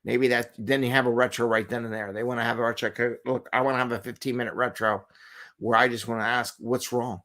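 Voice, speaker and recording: An earnest middle-aged man talks casually on a live stream from his home. He rambles, repeats himself and laughs lightly between thoughts. His pitch sits in an ordinary middle range. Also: fairly even intonation, quick pace, a bit bright. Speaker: agile coach and show host. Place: home, with a cat nearby.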